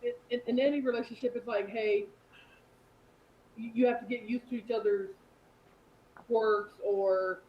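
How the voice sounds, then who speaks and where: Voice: mid-range voice, fairly even intonation, normal speed, long pauses. A speaker in casual podcast chat, joking and acting out quoted dialogue. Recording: echoey dull room with faint noise.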